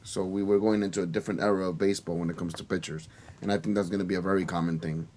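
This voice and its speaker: A man with a very deep, low voice co-hosts a casual sports podcast. He states his opinions confidently and with emphasis, building his point step by step. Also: fairly even intonation, very fast, a little mellow, a little hiss or hum. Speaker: podcast co-host.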